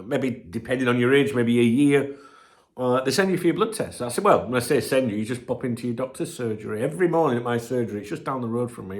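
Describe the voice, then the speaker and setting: British man, chesty cold, rambling casual chat, swears a lot, mid-pitched voice, talking to a camera on a tripod at home. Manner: chatty, swears freely, rambling asides. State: chesty cold, clearing throat. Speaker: football channel host. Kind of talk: casual morning vlog chat. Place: indoors at home.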